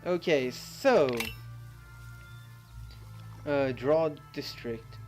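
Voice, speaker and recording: A man's voice: on the high side, very slow. Rambling young man over game music. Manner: rambling, self-mocking, full of ums and asides. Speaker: gaming channel host. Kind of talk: casual let's-play commentary, reading on-screen text aloud.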